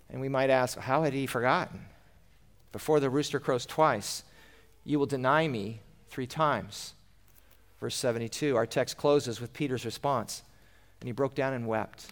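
A man's voice: a little high, a bit bright. A man preaching a sermon, retelling a scripture story dramatically with rhetorical questions.

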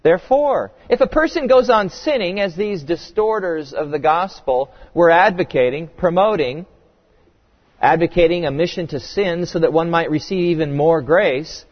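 A man's voice: a little high, moderate pace. A male pastor preaches in a slightly raised voice, pressing his points home with emphatic rhetorical questions. His voice rings with long reverb through a church sanctuary. The recording sounds a little muffled. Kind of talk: sermon.

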